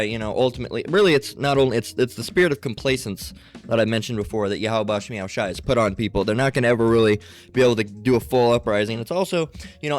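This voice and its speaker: A man giving a rambling religious commentary monologue in a mocking tone, often checking in with "all right?". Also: medium pitch.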